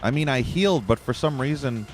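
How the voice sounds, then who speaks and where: A gameplay streamer with a medium-pitched, lively voice talks briskly over soft background music. He rants and swears at the game as he commentates live, getting frustrated easily.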